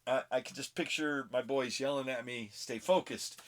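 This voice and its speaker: A man's voice: medium pitch, fairly even intonation, brisk, fairly bright tone. Rambling, self-mocking male vlog host. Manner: rambling, easily sidetracked, laughs at himself. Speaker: comic book vlog host. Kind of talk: casual rambling vlog talk. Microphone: phone camera.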